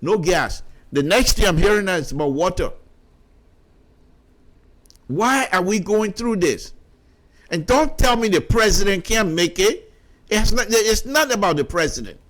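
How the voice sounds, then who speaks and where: Man, Liberian English accent, radio commentator, high voice, fired-up, stammering repeats. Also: lively intonation, a little slow, pauses often, fairly bright tone. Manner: impassioned, repetitive, stammering restarts.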